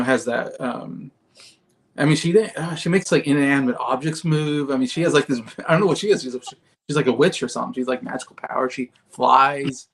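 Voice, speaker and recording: A man as a podcast guest, rambling in casual chat with many fillers and soft laughs. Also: mid-range voice, gravelly.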